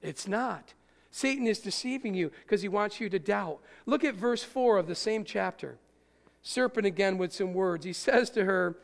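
A man preaching a sermon as a pastor, animated, throwing rhetorical questions at his congregation. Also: sits high, normal speed, creaky, big-room sound.

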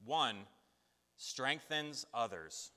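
A man preaching a sermon, telling a Bible story with lively acted-out voices. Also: mid-range voice, extremely slow, in a large hall. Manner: animated storytelling, acts out biblical voices.

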